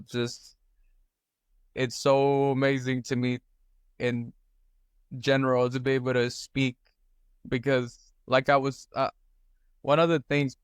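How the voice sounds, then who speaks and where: A man speaking earnestly on a casual group call, halting with many fillers. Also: medium pitch, smooth, no echo, clean studio sound. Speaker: mastermind group member.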